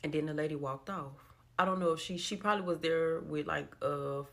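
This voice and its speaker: Chatty low-voiced woman telling a story. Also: fairly quick, vocal fry. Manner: chatty, addresses listeners as y'all, many fillers. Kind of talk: casual storytime narration.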